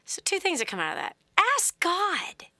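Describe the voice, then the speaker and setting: A woman in her forties hosting a call-in advice show, telling stories animatedly and dropping to hushed whispers for emphasis. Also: extremely high pitch, racing, dry recording. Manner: animated storyteller, dramatic swings to hushed whispers. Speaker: host.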